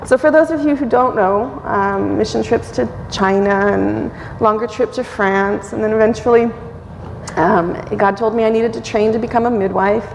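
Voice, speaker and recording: A woman in her forties speaks to a church congregation as a missionary, her voice breaking with tears. Her tone sits a little high, with a gravelly edge. A faint reverb of a large hall trails her words. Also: fairly even intonation, moderate pace, slight background noise. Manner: tearful, emotional, with laughs and fillers. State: crying. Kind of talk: church talk and prayer. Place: church sanctuary.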